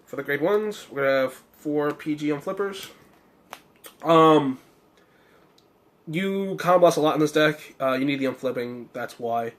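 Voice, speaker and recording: Casual man, a bit hoarse. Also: a little high, unhurried, long pauses, a bit bright. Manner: rambling, many fillers and self-corrections. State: slightly hoarse, losing his voice. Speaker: card game deck reviewer. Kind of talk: casual deck walkthrough.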